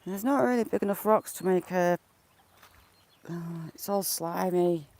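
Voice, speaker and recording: A woman's voice: on the low side, unhurried, darkish tone. A woman chatting to viewers as she walks along a river outdoors, laughing often and talking to herself, recorded on a handheld phone. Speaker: vlogger. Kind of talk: casual walking vlog, chatting to live viewers.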